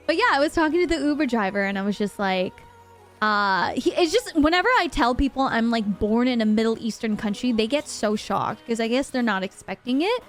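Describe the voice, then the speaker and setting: A woman's voice: fairly high pitch, expressive, a little fast, faint music behind. A woman from Bahrain, over twenty-five, chatting animatedly to her live stream audience and acting out the voices in her story. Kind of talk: casual storytelling to a live chat.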